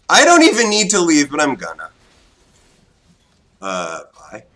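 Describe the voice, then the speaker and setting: A young man giving live gameplay commentary, excitable, swinging between loud outbursts and low mutters. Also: unhurried, long pauses. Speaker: gaming commentator.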